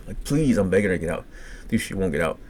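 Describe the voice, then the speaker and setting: A very deep-voiced Cajun man racing through a profane, meandering personal story. His words tumble out fast in casual podcast chatter. A faint hum of room ambience sits underneath. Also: fairly even intonation. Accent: Cajun English. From Louisiana. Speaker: podcast co-host.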